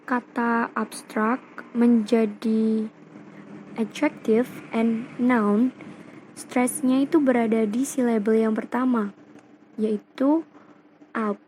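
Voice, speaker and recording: A young woman from Indonesia with an Indonesian accent, reading a class presentation slowly and carefully, phrase by phrase. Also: on the high side, steady tone, a little mellow, a little hiss or hum, rough recording. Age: young adult. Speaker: student presenter. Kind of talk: read-aloud class presentation.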